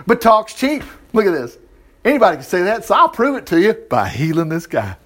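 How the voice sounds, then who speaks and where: A man's voice: high voice, huge pitch swings, fairly quick, fairly bright tone. A man giving a casual, folksy Bible teaching, chuckling and acting out the people in the story as he reads. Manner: folksy, chuckling, acts out quoted voices. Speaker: preacher.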